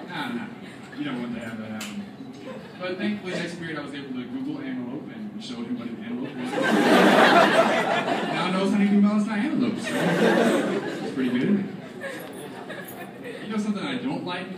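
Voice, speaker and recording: A man's voice: mid-range voice, very noisy. A teenage boy performing stand-up comedy at a school show, telling stories and acting out his friends' lines. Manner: animated storytelling, acts out friends' lines. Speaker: student comedian. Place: school auditorium with live audience. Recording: echoey hall, distant, loud crowd laughter.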